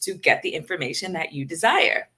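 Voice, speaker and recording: A woman co-hosting a daily talk show, lively, playful and self-assured in casual chat. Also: sits low, fairly quick.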